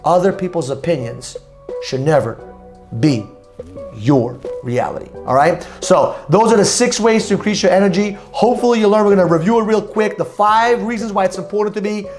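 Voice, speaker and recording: A man hosting a motivational podcast, talking in a loud, emphatic, preachy way about energy and confidence. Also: sits high, a little fast, faint music behind. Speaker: podcast host.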